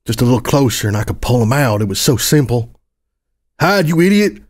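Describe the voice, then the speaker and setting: A man's voice: medium pitch, fast. Man narrating a gritty story aloud. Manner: gritty, expressive, with casual swearing. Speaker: audiobook narrator. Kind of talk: first-person story narration.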